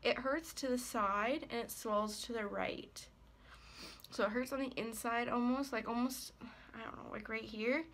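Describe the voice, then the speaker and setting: A woman in her twenties, an ASMR creator, talks in a personal vlog, sounding worried and upset as she rambles hesitantly with many fillers and trailing sentences. Her voice is on the high side, steady in tone and fairly bright, at a normal speed.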